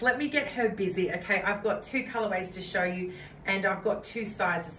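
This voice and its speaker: A woman's voice: mid-range voice, pushed and bright, reverberant, far from the mic, a little hiss or hum, poor audio. A woman, enthusiastically trying on clothes for viewers she calls friends. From Australia. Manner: gushing, addresses viewers as friends. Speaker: fashion try-on vlogger. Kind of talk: clothing try-on haul.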